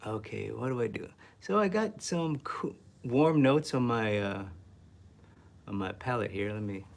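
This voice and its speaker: A man teaching painting, talking to himself as he works, muttering, self-critical, slipping into soft whispers. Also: lowish voice, creaky. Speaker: art instructor. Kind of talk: painting demo with self-talk.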